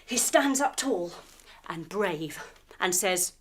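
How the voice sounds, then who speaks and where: A woman teacher telling a children's story while leading a yoga lesson, animated and using sound effects. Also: fairly low pitch, slow.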